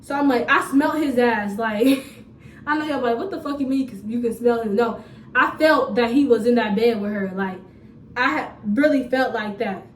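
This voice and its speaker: Animated high-voiced young woman telling a story. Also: normal speed, a little hiss or hum. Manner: animated, profane, laughing asides. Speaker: storytime vlogger. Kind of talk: casual storytime monologue. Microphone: phone camera. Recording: roomy phone recording from a distance.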